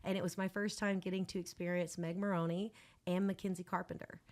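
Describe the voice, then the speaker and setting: A woman's voice: fairly low pitch, level tone, brisk, darkish tone. A woman, a musician telling stories as a guest on a podcast in casual chat. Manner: chatty storyteller, talks with her hands.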